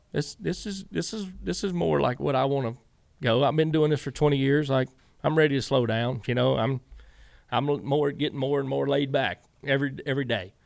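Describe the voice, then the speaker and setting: A middle-aged man with a Southern US drawl tells a string of stories as an interview guest. He keeps quoting himself and others as he goes, in a rough, gravelly voice. The recording is dry and close, with no room sound. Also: medium pitch, no echo. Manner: rambling anecdotes, quoting himself and others with many "I said". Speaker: guest, former racing crew chief. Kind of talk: casual storytelling interview.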